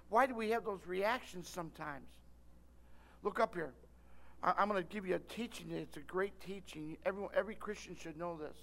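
An older man preaching a sermon, telling a story with lively delivery and calling on listeners by name. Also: high voice.

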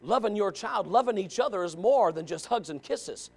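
A man in his forties preaching a sermon in church, animated and questioning, swinging from loud to quiet. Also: high-pitched, moderate pace, creaky, slightly rough. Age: 40s.

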